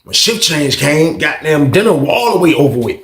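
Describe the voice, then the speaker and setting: A man telling a story casually in slangy, profane, animated talk. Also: a little high, moderate pace, reverberant.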